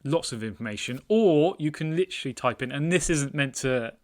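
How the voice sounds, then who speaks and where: His medium-pitched voice is animated and brisk as he runs his trading card collector channel. He works through viewer comments in a relaxed, self-mocking way, frequently breaking into laughter.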